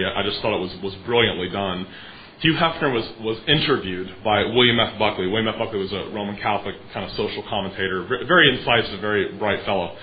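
A man's voice: lowish voice, a little hiss or hum. Earnest male preacher, slightly muffled recording. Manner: earnest, emphatic preaching with frequent throat clearing. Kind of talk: sermon.

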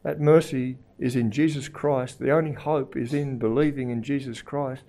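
A man preaching a sermon, moving between hushed, low passages and raised, fervent emphasis, often repeating words as he goes. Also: steady tone, moderate pace. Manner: repeats words while searching for the next phrase.

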